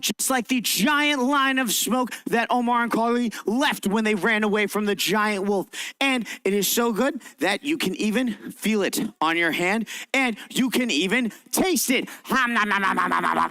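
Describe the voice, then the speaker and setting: A man leads a kids' science demonstration in a library room, upbeat and theatrical as he guides the children. His voice sits very high and rings bright and forceful. The sound is close and dry. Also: unhurried, smooth, no room sound. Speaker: children's science show presenter. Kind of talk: interactive science demonstration for kids.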